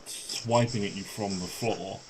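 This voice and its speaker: Male game master, deep voice, halting narration, noisy recording. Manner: relaxed, halting narration with many fillers.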